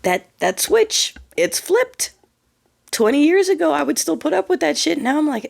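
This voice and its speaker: A woman in her forties telling a personal story in a casual vlog, candid, exasperated and animated. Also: sits high, normal speed, gravelly. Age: 40s. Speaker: vlogger.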